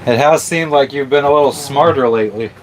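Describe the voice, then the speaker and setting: A man's voice: medium pitch, fairly quick, a little hiss or hum. A man vlogging casually from a boat, joking around and swearing freely. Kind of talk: casual chat.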